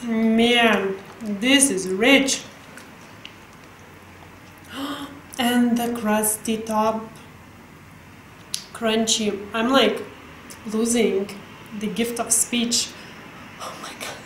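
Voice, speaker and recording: A woman cooking and tasting food on her vlog, talking to the camera in a gushing, excitable way. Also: drawn-out words, long pauses, reverberant, a little hiss or hum. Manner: gushing, excitable, breaks into squeaky voice. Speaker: cooking vlogger. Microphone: camera mic, some distance away.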